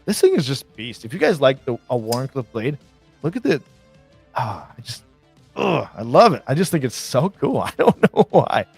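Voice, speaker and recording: A married man hosting a casual live stream, chatting excitedly and reacting to viewer comments. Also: medium pitch, moderate pace, creaky, husky, soft background music. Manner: excited, chatty, reads chat aloud.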